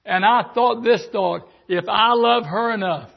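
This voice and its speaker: Older male preacher, high-pitched, fervent, dull lo-fi church tape. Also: measured pace, creaky. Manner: fervent preaching, swings from quiet to shouting. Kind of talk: sermon.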